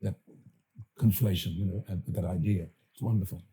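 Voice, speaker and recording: An older Australian man, an actor and director, talking as a podcast guest in a thoughtful, halting way with many fillers and restarts. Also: low voice, steady tone, dark tone, slightly rough. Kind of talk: podcast interview.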